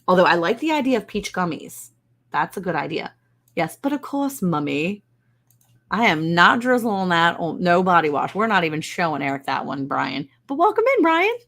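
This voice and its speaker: A woman chats casually on a live stream from her home, wry and self-mocking. Her voice sits low with a gravelly fry, and she talks in loose, rambling asides. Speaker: host of a live ranch stream. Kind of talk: casual live-stream chat reading comments. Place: indoors at home.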